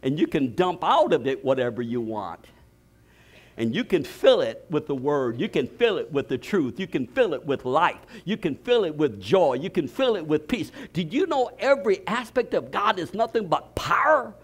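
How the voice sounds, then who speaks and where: An older man preaching a sermon, telling stories with bursts of shouting and laughter. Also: fairly high pitch, sing-song, moderate pace, slightly rough. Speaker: pastor.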